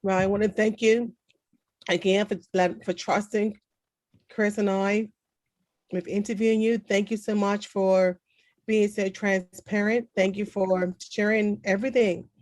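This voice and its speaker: A woman's voice: mid-range voice, little pitch movement, a little slow, a little mellow, no echo, clean studio sound. A woman hosting an interview, soothing and reassuring, answering with short affirmations. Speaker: podcast host. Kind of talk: supportive interview chat.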